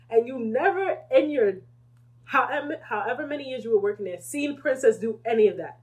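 A woman's voice: fairly high pitch, brisk, slightly rough. A young woman leading a casual Bible study, explaining scripture and acting out quotes with laughter. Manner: animated, acts out quotes with laughter.

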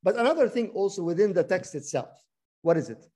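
Mellow man leading a Bible study. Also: high voice, big pitch swings, rapid-fire, husky. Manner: repeats words, asks the group questions. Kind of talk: interactive scripture teaching.

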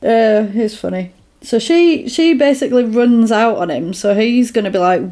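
A woman's voice: fairly high pitch, lively intonation, normal speed, mellow. A woman casually retelling a film plot in a chatty podcast, with lots of fillers.

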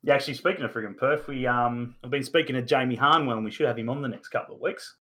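An Australian man in his thirties hosts a casual sports chat show with a middle-pitched voice. He rambles freely, leaning on fillers and the occasional mild curse word. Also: quick pace, pushed and bright. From Newcastle, Australia. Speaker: podcast host.

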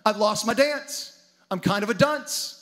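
A man's voice: high-pitched, a little slow, fairly bright tone. A man preaching a sermon with dramatic energy, acting out the story's characters in his own voice. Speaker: pastor.

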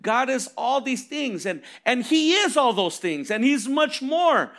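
A man preaches a sermon in a strikingly high voice. He walks through scripture verses, poses rhetorical questions, and keeps dropping in "amen" and "right?". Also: big pitch swings, unhurried, a bit bright.

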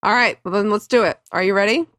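A woman's voice: mid-range voice, fast, fairly bright tone, no room sound, clean studio sound. A woman co-hosting a podcast and running a trivia game, giggly and teasing in casual chat.

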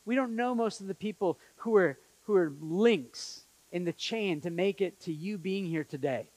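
A man preaching a conversational sermon as pastor, acting out quotes in an animated way. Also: sits high, normal speed, dry recording, rough recording. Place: church in Montreal.

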